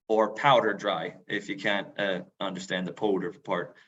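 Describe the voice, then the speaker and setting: In a casual Q&A over a video call, a man plays a museum role-player with an affected northern English accent, loosely answering questions with many fillers and restarts. He speaks low-pitched and steady, fairly bright, at a moderate pace with few pauses; the audio is dull and lo-fi.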